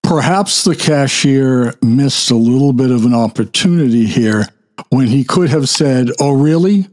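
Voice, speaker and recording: Slow-talking male show host. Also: mid-range voice, darkish tone. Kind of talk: interview questions.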